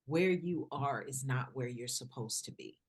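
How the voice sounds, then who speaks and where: A woman hosting a podcast, speaking in a calm, measured and reflective way as she asks questions and shares her own view. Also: very deep voice, husky. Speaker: podcast host. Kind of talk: podcast interview.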